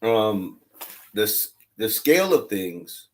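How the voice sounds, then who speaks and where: Deep-voiced man rambling candidly. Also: expressive, slow pace. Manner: candid, repetitive, restarts phrases. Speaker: online religious streamer. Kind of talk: rambling casual livestream talk.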